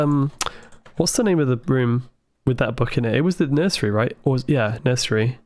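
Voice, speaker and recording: Excitable man streaming a puzzle game. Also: mid-range voice, no room sound, studio quality. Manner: thinking aloud, excitable, quick asides to chat. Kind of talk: live gameplay commentary.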